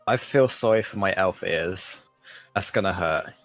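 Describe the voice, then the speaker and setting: A man's voice: deep voice, unhurried, fairly bright tone, no echo, muffled recording, soft background music. A man playing in a tabletop role-playing game, thinking aloud and restarting his sentences. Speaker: player.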